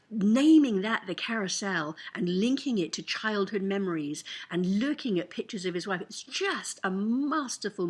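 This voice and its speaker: Speaking to camera in a casual, chatty way, a tired writing coach gives a candid, emotional lesson. Her voice is lowish with a breathy edge.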